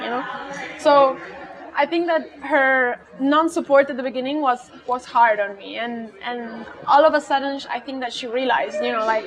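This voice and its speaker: High-voiced woman telling lively stories. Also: moderate pace, crowd noise. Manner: lively, laughing, acts out quotes. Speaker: interview guest, rally driver. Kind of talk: animated storytelling in conversation.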